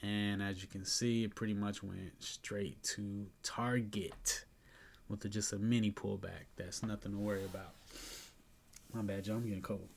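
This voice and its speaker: A sleepy, yawning man casually talking through his day trades, relaxed and chatty, thinking aloud with fillers and soft laughs. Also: fairly low pitch, measured pace, gravelly, slight background noise. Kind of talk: casual screen-recorded trade review.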